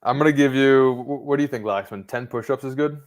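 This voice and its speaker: A man with a middle-pitched, everyday voice who plays co-host. He teases his partner with playful challenges and answers the chat. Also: quick pace. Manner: teasing, playful. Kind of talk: casual banter.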